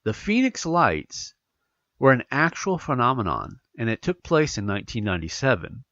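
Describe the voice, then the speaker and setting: A man hosting a casual solo podcast, rambling and animated, sounding congested from allergies. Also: medium pitch, normal speed, no echo, highs cut off. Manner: rambling, animated, self-correcting. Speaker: podcast host.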